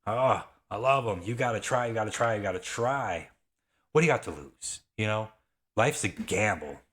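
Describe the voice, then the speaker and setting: A man's voice: lowish voice, animated, normal speed, fairly bright tone. Fired-up man in a sales rant. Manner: enthusiastic, repetitive, worked up. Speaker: affiliate marketer. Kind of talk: excited sales pitch, self-described rant.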